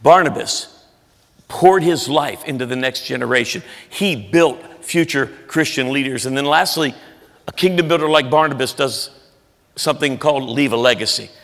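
Male pastor, gravelly, echoey church hall, earnest sermon. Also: medium pitch, moderate pace. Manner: earnest, emphatic, drops to soft intensity. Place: large church sanctuary.

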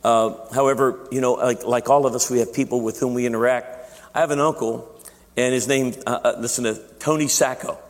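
A pastor with a mid-range, steady voice preaches fairly quickly, keeping it chatty and poking fun at himself while often restarting his sentences. The long echo of a large hall surrounds him.

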